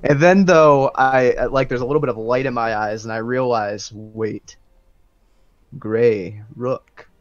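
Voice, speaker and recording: A man's voice: mid-range voice, steady tone, moderate pace, few pauses, no room sound, dull audio. A man as a player in a tabletop game, speaking casually and hesitantly.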